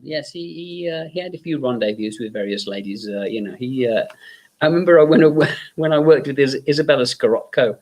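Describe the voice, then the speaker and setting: A man's voice: medium pitch, fairly quick. A man telling anecdotes in a casual chat, acting out the voices of people in his stories and laughing often. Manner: animated storyteller, acts out quoted voices, laughs often. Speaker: guest filmmaker.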